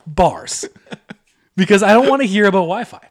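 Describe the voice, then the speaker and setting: A young man, talking on a podcast in a fairly high voice. He rants with lots of swearing, and he acts out what other people said in mock voices. His tone stays loose and casual throughout. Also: normal speed. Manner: profane, animated ranting with mock voices. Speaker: podcast co-host. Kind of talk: casual chat.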